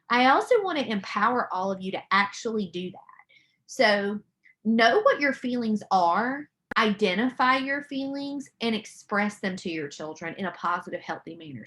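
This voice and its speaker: A woman's voice: medium pitch, fairly bright tone. A young adult woman, a mental health counselor, giving an earnest, conversational conference presentation with frequent fillers and restarts over a video call.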